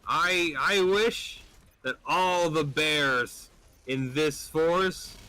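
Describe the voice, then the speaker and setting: Man putting on a boastful bear, raised pitch, loud and excited, bright edge, told as a joke. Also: drawn-out words, clean tone, no echo, heavily acted. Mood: greedy, boastful.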